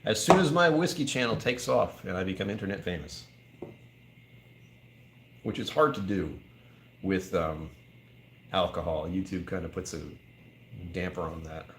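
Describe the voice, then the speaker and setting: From inside a whiskey bar with noise all around, an American whiskey channel host talks in a low voice at normal speed, pausing often. He's livestreaming, chatting loosely, joking, and reading viewer comments aloud.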